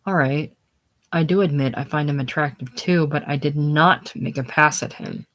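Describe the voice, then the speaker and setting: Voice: mid-range voice, normal speed, fairly bright tone, natural voice. A reader voicing a tired, irritable young writer with a curt manner in a casual play reading. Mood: weary. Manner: curt, weary.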